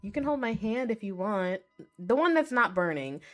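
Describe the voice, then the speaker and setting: A woman voicing a shy, gentle young woman who conjures fire, speaking softly and sweetly. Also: medium pitch, sing-song, moderate pace, soft background music, pitched above the performer's own voice, lightly acted.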